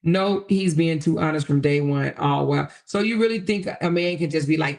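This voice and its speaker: A woman hosts a solo livestream and chats plainly with her audience, reading their comments aloud. Her voice carries a rough, gravelly creak, and her delivery stays loose, colloquial and frank. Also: low voice, moderate pace, few pauses, darkish tone. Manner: chatty, addresses viewers directly, reads comments aloud; blunt and colloquial. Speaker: livestream host.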